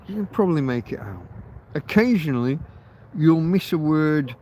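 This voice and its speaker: A man's voice: fairly high pitch, animated, normal speed, dark tone, a little hiss or hum, poor audio. A man hosting a livestream, chatting in a rambling way with many fillers and restarts. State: laughing through tears. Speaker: livestream host. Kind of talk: rambling casual chat.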